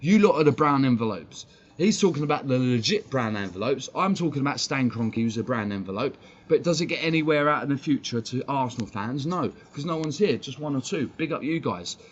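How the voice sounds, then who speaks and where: A man's voice: mid-range voice, expressive, fairly quick, dull audio, a little hiss or hum. A man with an English accent ranting on a live stream, blunt and profane, talking straight at his chat. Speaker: fan channel streamer. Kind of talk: heated live-stream rant.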